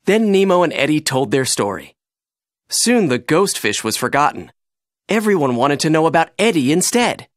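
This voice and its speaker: A narrator reading a children's storybook aloud in an expressive, animated way. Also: medium pitch, moderate pace, no room sound, clean studio sound.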